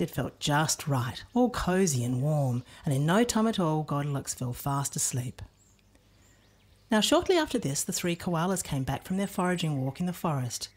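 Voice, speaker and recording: A woman reading a children's storybook aloud in an expressive, playful way. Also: low voice, husky.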